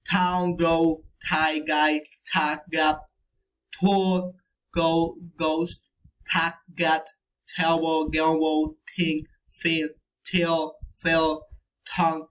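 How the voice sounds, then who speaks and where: A young man giving a recorded English pronunciation lesson as a student, halting and restarting often while reading out word lists. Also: fairly high pitch, fairly bright tone, poor audio.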